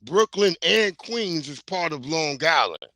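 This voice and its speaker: A fairly high-pitched, expressive man's voice with a sharp tone comes through a little slowly and without echo. He's a middle-aged New York livestream host giving a blunt, heated, profane casual rant.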